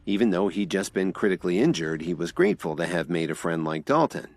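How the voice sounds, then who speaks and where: A man narrating a scripted audio drama with expressive storytelling. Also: sits low, fast talker, dry recording.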